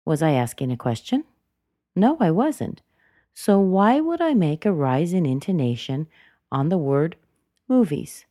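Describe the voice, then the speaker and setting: A woman teaching a pronunciation lesson, speaking deliberately and demonstrating example sentences. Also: deep voice, big pitch swings, mellow, no room sound, studio quality. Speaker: accent coach.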